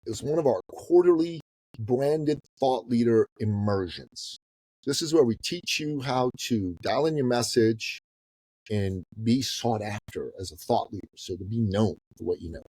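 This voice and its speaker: A man in his fifties from the Middle East, a business coach telling a story as a podcast guest in a casual, animated way that swings between loud and hushed. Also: mid-range voice, unhurried, breathy edge, no echo, low-quality recording. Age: 50s.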